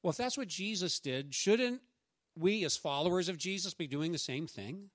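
A man's voice: high-pitched, expressive, moderate pace, no echo. A man preaching a sermon, reading a scripture passage aloud and then talking it over with his listeners in an emphatic, conversational way. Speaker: pastor.

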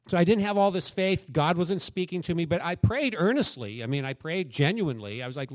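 A man's voice: on the high side, very animated, fast talker, few pauses, a little mellow, no echo. A man preaching a sermon as pastor, candid and conversational, telling stories and acting out quotes.

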